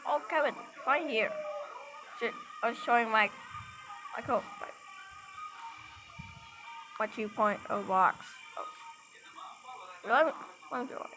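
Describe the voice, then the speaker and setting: A woman chatting casually with friends while playing a game, excitable and prone to panicked yelps. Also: a little high, unhurried, long pauses. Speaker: gamer. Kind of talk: casual gameplay commentary with friends. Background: game music.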